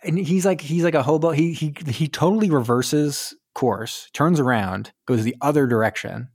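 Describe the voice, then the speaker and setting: A man's voice: fairly high pitch, normal speed, no echo, clean studio sound. A man co-hosting a casual movie podcast, retelling the plot with acted-out lines. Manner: animated retelling with acted-out quotes. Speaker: podcast co-host. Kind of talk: casual movie review chat.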